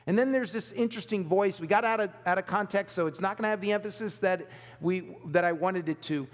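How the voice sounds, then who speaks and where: High-voiced male pastor in a hall. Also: a little fast. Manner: conversational, reads scripture aloud, asks the audience "okay?". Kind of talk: sermon. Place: church hall. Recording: long hall reverb.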